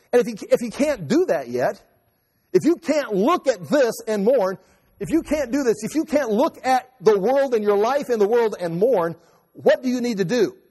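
Male pastor, high voice, chatty sermon with restarts, long hall reverb. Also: darkish tone. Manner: conversational, repeats and restarts, acts out inner voices.

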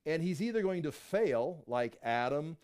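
An older man teaching a Bible study in a loose, rambling, conversational way, acting out the biblical voices with sudden jumps in pitch. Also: animated, a little slow, darkish tone, smooth.

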